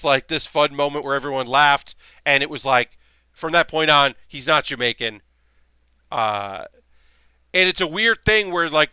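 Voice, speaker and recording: Male streamer host, casual rambling chat, bright crisp voice, dry close mic. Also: on the high side, dry recording. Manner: rambling, lots of fillers and restarts. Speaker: streamer hosting a building stream.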